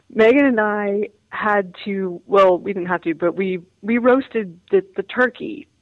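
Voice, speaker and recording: A woman's voice: medium pitch, slow pace, dry recording, phone-quality sound. A woman, an actress, chatting in an interview, laughing often and restarting her words. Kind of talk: casual interview chat.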